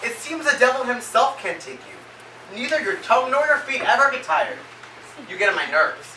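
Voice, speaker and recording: A woman playing a weary, sharp-tongued member of a wandering troupe, with dry, scornful put-downs. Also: fairly high pitch, sing-song, a little fast, slight background noise. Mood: irritated. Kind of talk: amateur stage acting. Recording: echoey stage, distant mic.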